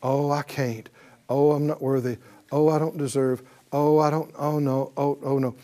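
A man's voice: fairly high pitch, little pitch movement, normal speed, mellow, voice pushed down, close to an everyday voice. A man voicing a timid, self-doubting churchgoer who whimpers and trails off. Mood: whimpering.

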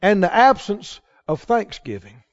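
A man with a very high voice preaches with lively, swinging pitch. He keeps asking his congregation questions. The recording sounds dull and lo-fi. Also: measured pace. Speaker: pastor. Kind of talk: sermon.

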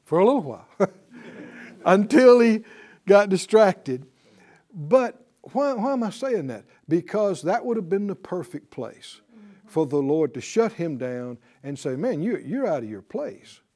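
A man preaching a lively sermon, calling out to his congregation and acting out the voices in his stories. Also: high voice, measured pace. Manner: animated, call-and-response, acts out quoted voices.

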